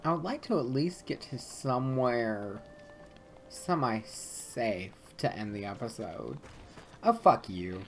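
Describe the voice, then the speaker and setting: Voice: medium pitch, expressive, slow pace, a little hiss or hum. A let's play gamer giving casual gameplay commentary, swearing often and muttering irritably at the game.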